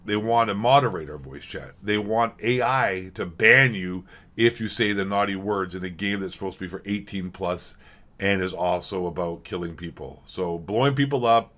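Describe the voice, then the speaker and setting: Low-voiced sarcastic man ranting. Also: moderate pace, a bit bright. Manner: sarcastic, rambling, crude. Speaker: reaction video host. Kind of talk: casual rant commentary.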